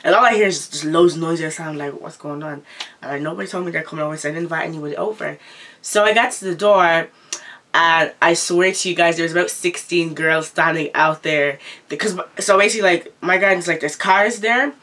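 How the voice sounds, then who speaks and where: A young woman telling a story in a casual vlog, animated and profane, acting out the people in high voices. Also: fairly quick, distant mic.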